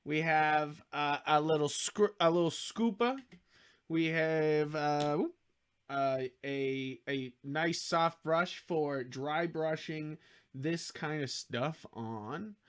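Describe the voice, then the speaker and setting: A man's voice: fairly high pitch, slow, clear, resonant tone. A tired man hosting a casual livestream, rambling and jokey, swearing freely and slipping into silly accents. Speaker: livestream host building model kits.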